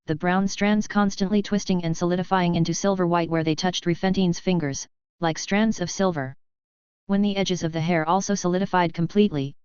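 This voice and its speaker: A woman gives a scripted narration of a fantasy audiobook, reading evenly and steadily. Her voice is smooth and a little low. The recording has no room sound and is dry and dull, with a lo-fi edge.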